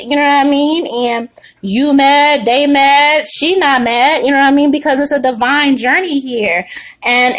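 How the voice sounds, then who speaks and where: Woman, high voice, tarot reading, casual monologue, blunt, profane, animated. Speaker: tarot reader.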